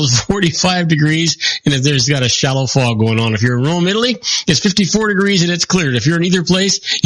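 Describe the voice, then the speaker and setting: A man's voice: on the high side, a bit bright, poor audio. A man hosting a radio talk show, giving the time and weather in a breezy, upbeat way. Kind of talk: radio host introduction.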